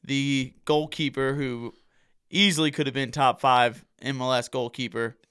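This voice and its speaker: A man co-hosts a casual sports chat, speaking in a steady way and steering the talk from topic to topic. His voice is bright and smooth, at an ordinary pitch for a man. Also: a little slow. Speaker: podcast co-host.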